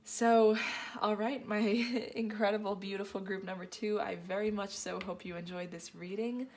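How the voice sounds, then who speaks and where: A woman's voice: medium pitch, steady tone, normal speed, a little mellow. A woman giving a gushing, affirming tarot reading to her viewers, often breaking into giggles. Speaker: tarot reader.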